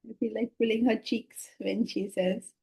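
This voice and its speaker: An older woman with an Indian English accent giving a spiritual lecture on scripture, lively and full of rhetorical questions and laughter. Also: fairly high pitch, moderate pace, slightly rough, low-quality recording. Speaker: Vedanta teacher.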